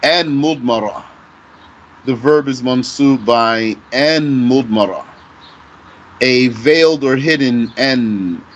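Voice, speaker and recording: A man teaching Arabic grammar, explaining deliberately and asking himself rhetorical questions. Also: mid-range voice, dull audio, slight background noise. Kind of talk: recorded grammar lesson.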